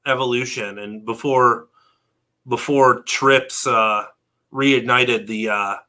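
Bright-voiced, argumentative man. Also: mid-range voice, steady tone, takes it slowly. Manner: mock-grumpy, argumentative. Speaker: podcast co-host. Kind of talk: casual chat.

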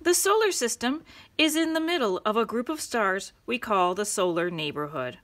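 A woman's voice: on the high side, lively intonation, normal speed, a bit bright. A woman voicing a polite, earnest young schoolboy in a children's storybook, explaining things carefully.

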